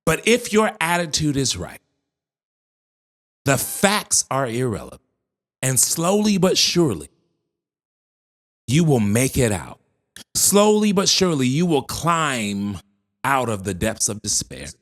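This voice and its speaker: A man giving a motivational speech with slow, emphatic delivery and dramatic pauses. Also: mid-range voice, very animated, fairly bright tone. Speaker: motivational speaker.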